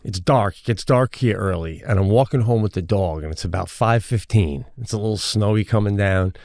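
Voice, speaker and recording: A middle-aged man co-hosting a podcast, telling a story in a casual, animated way, swearing freely and acting out the people in it. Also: lowish voice, a little fast, no room sound, studio quality. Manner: animated, profane, acts out the people in his stories. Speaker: podcast co-host.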